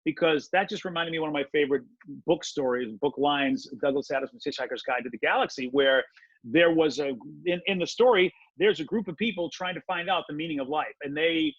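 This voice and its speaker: A middle-aged man, a podcast guest, chatting casually and rambling through stories with halting restarts. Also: on the high side, a bit bright, no room sound. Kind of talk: casual conversation. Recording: dull lo-fi dry audio.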